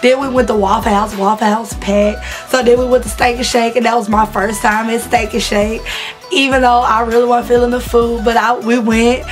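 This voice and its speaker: Soft background music plays behind this vlogger, a woman in her 20s from the Southern United States. Her fairly high voice shows little pitch movement at a normal speed as she chats to camera, laughing and slangy, sharing candid stories.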